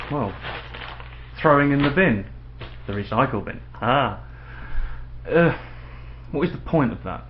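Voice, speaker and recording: A man grumbles and rants with dry sarcasm in an unhurried drawl, talking straight to camera in a casual vlog. His voice sits at an ordinary middle pitch. The home recording is dull and lo-fi, with a faint hiss underneath. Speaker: vlogger.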